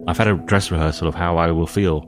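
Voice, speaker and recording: Deep-voiced calm British man. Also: fast talker, music in the background. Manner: calm, thoughtful storytelling. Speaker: guest. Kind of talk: reflective interview talk.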